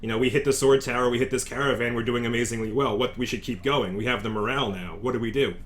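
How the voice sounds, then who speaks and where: A man's voice: medium pitch, steady tone, quick pace, natural voice. A man voicing a terse, blunt female rebel commander who stammers through pressing questions. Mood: puzzled, pressing.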